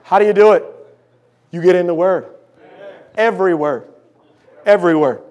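Preaching through a sore throat, this middle-aged man speaks at a normal pace, and the audio sounds muffled. His sermon is fervent and emphatic, moving between shouts and hushed, intense asides aimed at the congregation.

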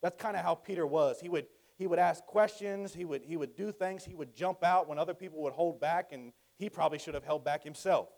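A man preaching a sermon in a conversational way, swinging from hushed, quiet lines to loud, emphatic ones. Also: a little high, a little fast, few pauses.

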